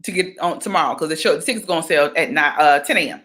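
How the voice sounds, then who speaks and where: A young woman from Georgia, chatting casually on a livestream, animated and talkative. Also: sits low, fast, hardly any pauses. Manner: chatty, animated, breaks into sung exclamations. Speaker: livestream host.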